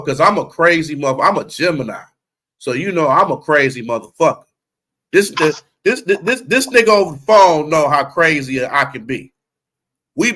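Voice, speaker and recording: A man with a fairly high voice rants with heat and plenty of swearing. He talks to his guest in a loose, casual way and keeps the pressure up as he goes. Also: fairly bright tone. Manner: heated, profane ranting. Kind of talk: casual podcast chat.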